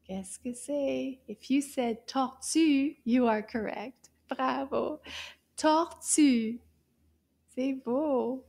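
A woman leads a children's lesson in a high, mellow voice, gasping with delight between words. She talks very slowly, stretching each word so young listeners can repeat after her, and praises every answer. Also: expressive, breathy edge. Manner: encouraging, gasps and drawn-out exclamations. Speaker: French teacher for children.

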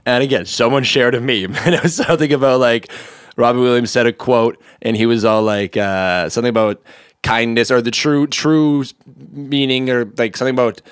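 A young man from Montreal, a stand-up comedian, telling stories in a casual podcast chat with high energy and a lot of swearing. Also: normal speed, smooth, no echo, clean studio sound. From Montreal, Canada. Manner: high-energy, manic, swears freely, bursts into impressions.

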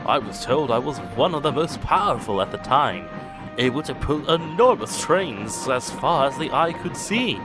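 Man playing a shy goods engine, quiet, timid, higher voice, music behind. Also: very animated, moderate pace, natural voice. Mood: sad. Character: shy, sad awkward-looking male goods engine.

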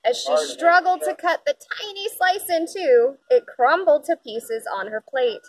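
A woman reading a children's picture book aloud, with expressive, lively storytelling. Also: high voice, unhurried, creaky, no room sound, low-quality recording. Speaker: storybook reader.

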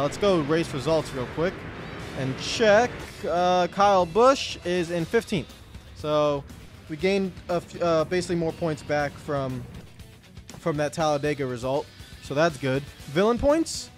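A young man commenting on his own racing game play, muttering to himself and yelling when things go wrong. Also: a little high. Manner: excitable, yells when wrecked, mutters to himself. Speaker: gaming YouTuber.

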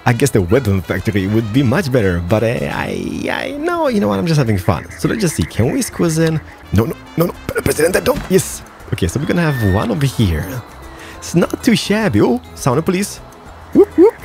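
A man's voice: mid-range voice, big pitch swings, fairly quick, creaky, darkish tone, soft background music. A man hosting a game channel who rambles playfully through casual gameplay commentary and drops mock Spanish words. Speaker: gaming channel host.

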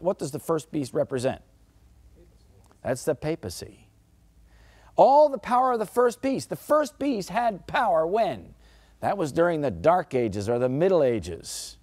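A middle-aged man giving a Bible study lecture, asking rhetorical questions and slowing down to stress key words. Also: a little high, a little mellow, no room sound. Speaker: Bible teacher.

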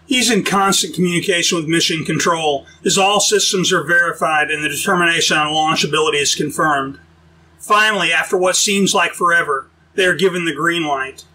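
Bright, high-voiced male narrator. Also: slightly rough, low-quality recording. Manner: even, explanatory storytelling. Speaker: audiobook narrator. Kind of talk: scripted narration.

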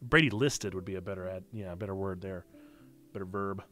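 A man who is both a streamer and church community host runs a casual live stream, reading aloud and chatting playfully with viewers while poking fun at himself. His deep voice is fairly quick and a bit bright, with chatty asides to chat over soft background music.

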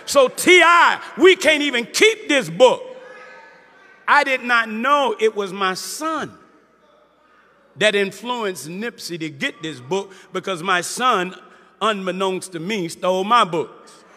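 A man, a minister giving a testimony sermon, who rises from storytelling into shouted preaching with quick asides to the audience. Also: high voice, lively intonation. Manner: preaching, rising to shouts, call-and-response asides. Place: large hall before an audience. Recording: live hall with reverb, crowd behind.

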